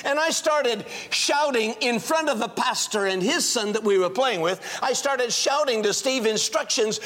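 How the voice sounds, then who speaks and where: An older male pastor preaching a sermon to a congregation, telling a personal story and acting out the dialogue, swinging from hushed tones to shouting. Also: very high-pitched, animated, normal speed, hardly any pauses. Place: church, before a congregation.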